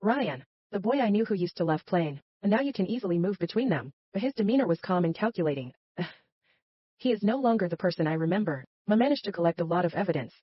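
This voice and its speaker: Breathy woman narrating a romance story. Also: fairly low pitch, no echo, muffled recording.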